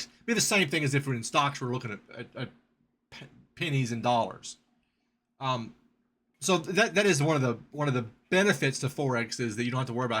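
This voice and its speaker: A man hosting a podcast, casually explaining trading basics in an animated, storytelling way. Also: medium pitch, a little fast. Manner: storytelling, animated with sound effects and quoted voices.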